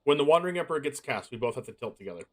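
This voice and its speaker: A man giving excited gameplay commentary on a card game he streams, yelping and laughing as he talks to himself. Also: mid-range voice, racing.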